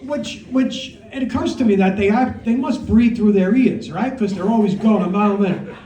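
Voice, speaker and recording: A man's voice: high-pitched, moderate pace, mellow. A middle-aged man from Brooklyn with a heavy New York Italian-American accent, doing a brash, profane stand-up set at an open mic. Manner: brash, profane storytelling with punchlines. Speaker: stand-up comedian. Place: comedy club with audience. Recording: echoey room, mic heard from a distance. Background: audience laughter.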